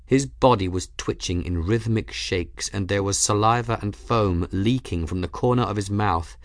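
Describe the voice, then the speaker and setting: A man with a low voice reads a fantasy novel aloud at a steady, measured pace. The recording is close and dry with no room sound. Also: dry recording. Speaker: audiobook narrator. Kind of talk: scripted narration.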